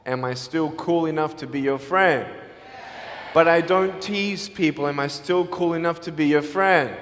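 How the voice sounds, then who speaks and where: Male motivational speaker, fairly high voice, animated storyteller, echoing hall. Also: measured pace, a little hiss or hum. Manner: animated storytelling, acting out the people in his story; playful jokes mixed with earnest appeals. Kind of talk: motivational speech to a live audience.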